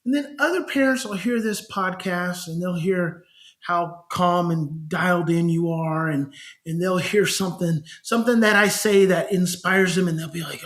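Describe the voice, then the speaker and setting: A man's voice: high voice, moderate pace. Middle-aged man telling stories animatedly. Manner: animated, acts out parents' voices when quoting them. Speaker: child behavior specialist, podcast guest. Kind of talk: conversational storytelling.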